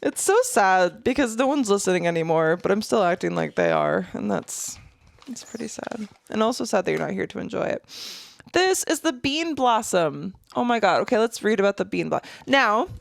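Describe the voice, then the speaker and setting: A woman in her thirties with a mid-range, creaky voice hosts a solo podcast at a moderate pace, with no echo. She unboxes products in a small room, giggly and animated, chatting and laughing to herself.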